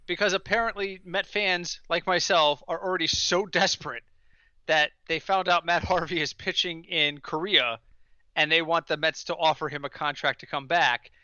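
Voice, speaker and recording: A man co-hosting a sports podcast, talking casually with animated, wry storytelling and the odd rant. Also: fairly high pitch, normal speed, smooth, dry recording, muffled recording. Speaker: podcast co-host.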